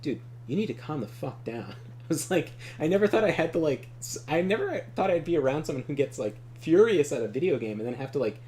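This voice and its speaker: A man's voice: a little high, lively intonation, fast, dark tone, a little hiss or hum. A man hosting a co-op gameplay video, telling stories in a rambling, profane way and laughing often. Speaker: co-op gameplay host. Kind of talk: casual storytelling chat.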